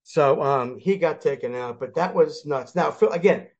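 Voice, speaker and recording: An older man from Philadelphia chats as a guest about sports, with a fairly high voice. He tells his stories with energy and acts out the voices of the people in them. The audio sounds dull and lo-fi. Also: normal speed. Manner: animated storyteller, acts out quoted voices. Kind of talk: casual sports chat.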